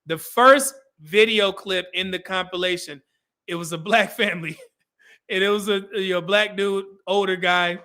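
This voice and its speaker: Bright-voiced, animated male host. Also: sits high, normal speed. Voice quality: laughs often while telling stories. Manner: animated storyteller, acts out quoted lines. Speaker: podcast host. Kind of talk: casual livestream chat.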